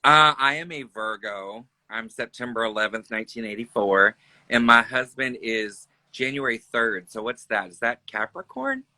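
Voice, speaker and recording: A man's voice: medium pitch, animated, moderate pace, sharp tone, no echo, rough recording. A man in his thirties, a drag performer chatting casually on a livestream, joking and laughing often. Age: 30s.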